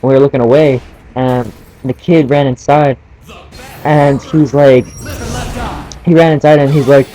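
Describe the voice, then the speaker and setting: A man's voice: medium pitch, steady tone, a little slow, long pauses, mellow, poor audio. Casual young man swearing through gameplay. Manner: casual, laughing, swearing while playing. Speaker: gaming channel host. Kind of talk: gameplay commentary with storytelling.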